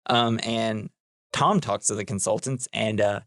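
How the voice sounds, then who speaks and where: A man's voice: lowish voice, a little slow, very noisy. A young man co-hosting a podcast, casually recapping a film in a rambling way, full of fillers and acted-out quotes. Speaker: podcast co-host.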